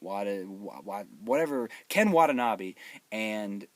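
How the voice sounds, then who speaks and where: A man recaps a film in a rambling, joking rush, slipping into the characters' voices. His pitch swings widely as he gets worked up. The sound is close and dry, with no room around it. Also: unhurried, no room sound. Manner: rambling, excitable, jokey, acts out characters' lines. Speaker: movie reviewer, show host. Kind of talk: comedic movie recap.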